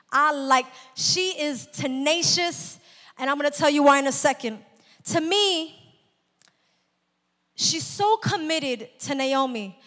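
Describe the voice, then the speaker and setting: A woman preaches in a lively, chatty way and laughs often. Her voice sits high and bright, and a long church reverb trails after her words. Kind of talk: sermon.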